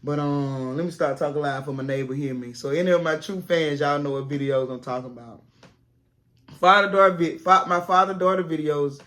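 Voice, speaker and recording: A woman's voice: low voice, brisk, fairly bright tone. Plainspoken, encouraging woman vlogger. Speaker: content creator, former teacher. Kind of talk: casual advice vlog to camera. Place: home set made to look like a classroom.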